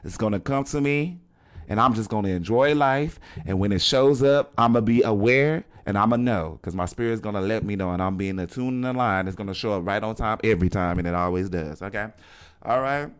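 A man's voice: on the low side, fairly quick, clear, resonant tone. A man hosting a podcast, delivering a casual motivational monologue in a blunt, profane way and often tossing in "okay?". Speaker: podcast host.

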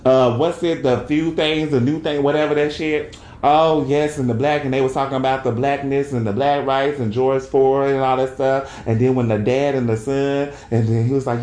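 A man holds forth in a loud, profane monologue, breaking into laughter and tossing "okay?" after his points. His voice sits at a middling pitch. The room around him is roomy and echoey. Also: fairly even intonation, fairly quick. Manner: brash, profane, emphatic; jumps into high falsetto for quoted bits. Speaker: podcaster. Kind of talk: casual monologue rant. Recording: roomy echo.

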